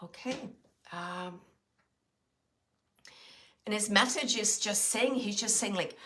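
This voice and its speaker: This psychic medium has a bright, clear, medium-pitched voice and is doing a live reading for her viewers. Hesitating often, she fills pauses with small sounds and thinks aloud, describing each impression the moment it arrives.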